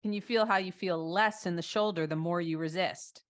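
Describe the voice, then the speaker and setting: A woman's voice: on the low side, moderate pace. A woman co-teaching a live online stretching class, asking her partner questions and encouraging the participants. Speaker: co-instructor.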